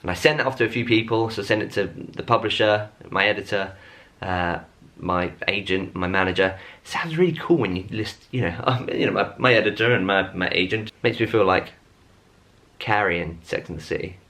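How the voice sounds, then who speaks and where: Casting: male vlogger, thirties, bright forceful tone, chatty and self-deprecating. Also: on the low side, fairly quick. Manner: rambling, self-mocking, chatty with many fillers. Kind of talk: casual chat to camera. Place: at home.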